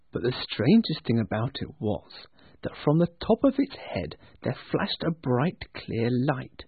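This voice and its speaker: Slow, husky male storyteller. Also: on the high side, no room sound. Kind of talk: storybook narration. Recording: tinny phone-like dry sound.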